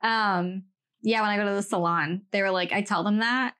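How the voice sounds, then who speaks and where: A woman's voice: medium pitch, fairly even intonation, moderate pace, fairly bright tone, clean tone. Woman co-host, easygoing banter, teasing tone. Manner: playful teasing, quotes others. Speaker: podcast co-host. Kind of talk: casual chat.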